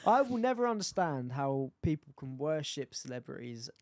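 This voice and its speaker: A man's voice: on the high side, big pitch swings, normal speed, darkish tone, no room sound. Guy, laid-back teasing podcast chat, swears a bit, dry close sound. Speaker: podcast co-host. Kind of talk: casual chat.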